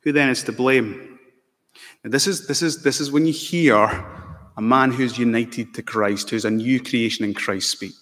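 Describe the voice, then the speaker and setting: Male pastor, mid pitch, earnest sermon delivery, long church reverb. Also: normal speed, fairly bright tone. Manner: earnest preaching with rhetorical questions.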